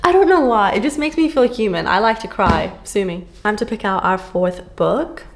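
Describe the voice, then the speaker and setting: A woman's voice: mid-range voice, expressive, moderate pace. A woman book vlogger chatting casually to camera, gushing and full of fillers, filmed at home on a camera on a stand.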